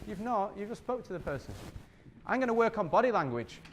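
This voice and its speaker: Leading a sales training session, this man speaks fairly quickly in a voice that sits high. His delivery is energetic and repetitive, and he often plays out customer interactions.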